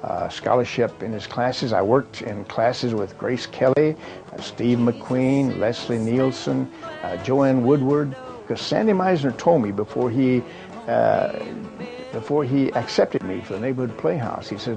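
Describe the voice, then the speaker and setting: Gravelly-voiced older man reminiscing. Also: medium pitch, a little slow, over music. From Kentucky. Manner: rambling, with frequent fillers and restarts. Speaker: retired actor recalling his career. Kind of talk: reminiscing monologue.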